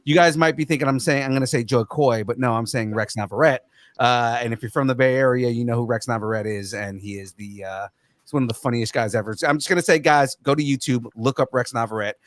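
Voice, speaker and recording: A man hosting a podcast, excitable and rambling, laughing as he chats and reads sponsor spots. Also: mid-range voice, quick pace, no echo. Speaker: podcast host.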